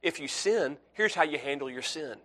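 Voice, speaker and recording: A man preaching a sermon to his congregation, earnest, swinging from loud emphatic passages to hushed, pleading ones. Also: fairly high pitch, lively intonation, moderate pace. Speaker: pastor.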